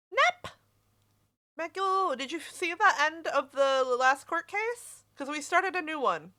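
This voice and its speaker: A woman's voice: sits high, a little slow, hardly any pauses, bright, forceful tone. A woman streaming a game, chatting casually with her viewers and swearing freely. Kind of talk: casual live-stream chat.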